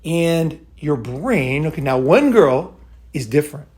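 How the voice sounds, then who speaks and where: A man talks in a loose, unscripted monologue for his own channel, blunt and profane. He circles back on his points, restarts sentences, and keeps checking in with "okay?" His voice sits a little higher than most men's. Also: expressive, measured pace, a little mellow. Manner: rambling and blunt, swears freely, keeps asking "right?" and "okay?". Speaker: channel host giving dating advice. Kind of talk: casual monologue.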